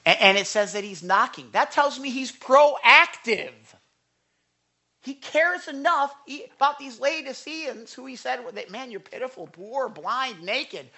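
Bright, impassioned male preacher. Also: sing-song, unhurried. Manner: impassioned, rising to high urgent pleas then dropping low and quiet. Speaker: pastor. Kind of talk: sermon. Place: church without a microphone.

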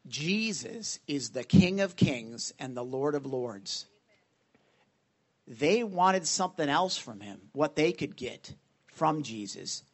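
Earnest, conversational male preacher. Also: mid-range voice. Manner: earnest, conversational, with frequent "right?" check-ins. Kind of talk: informal sermon. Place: church sanctuary.

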